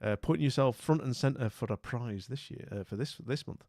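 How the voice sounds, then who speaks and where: A man's voice: medium pitch, moderate pace, few pauses, darkish tone, no room sound, clean studio sound. A man from northern England, a streamer with a northern English accent, chatting casually and rambling, with restarts and friendly greetings, a bit weak after being ill. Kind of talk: casual live-stream chat.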